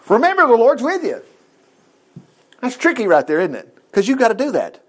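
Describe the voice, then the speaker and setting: Speaking unhurriedly, a high-voiced man preaches an informal sermon, retelling Bible stories in a chatty, lively way. He tosses in joking asides and acts out the quoted lines.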